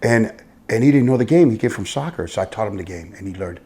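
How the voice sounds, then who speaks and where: A man from Miami with a husky voice and a Miami accent, telling stories bluntly in a casual interview, swinging between loud and hushed. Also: fairly low pitch, animated, quick pace. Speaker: interview guest, youth football coach. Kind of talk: casual storytelling conversation.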